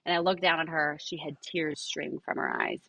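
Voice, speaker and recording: Middle-aged woman, breathy-edged voice, emphatic and warmly reassuring storyteller, dry recording. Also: low voice, level tone, fairly quick, no room sound. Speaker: Pilates instructor and studio owner. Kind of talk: podcast interview guest.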